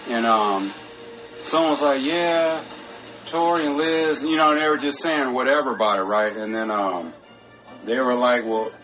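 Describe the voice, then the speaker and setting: A man's voice: mid-range voice, moderate pace, fairly bright tone, faint music behind, low-quality recording. A man co-hosting a casual podcast, rambling through stories with many restarts and asides, smoking as he talks. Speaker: podcast co-host. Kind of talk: casual chat.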